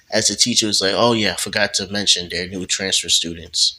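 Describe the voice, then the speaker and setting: A man's voice: lowish voice, steady tone, normal speed, bright, forceful tone, rough recording. A laid-back man casually improvising a role-play story, with slang.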